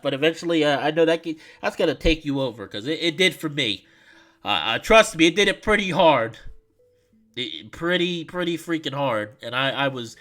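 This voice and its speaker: Excitable, giggly male streamer. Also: on the high side. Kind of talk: live-stream chat and reading a visual novel aloud.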